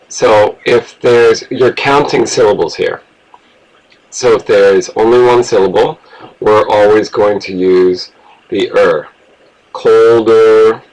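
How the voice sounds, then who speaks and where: A man's voice: lowish voice, a little mellow, rough recording. A man teaching an English grammar lesson, explaining rules patiently and spelling words out letter by letter.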